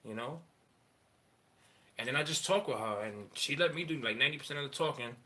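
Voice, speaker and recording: A man in a candid personal monologue, rambling and profane, halting often with fillers as he talks about his feelings. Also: medium pitch, bright, forceful tone. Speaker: father sharing personal story.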